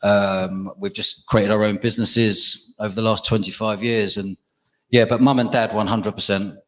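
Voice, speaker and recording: A man's voice: lowish voice, fairly even intonation, normal speed, fairly bright tone, rough recording. A middle-aged man, an entrepreneur, answering panel questions emphatically, repeating key phrases.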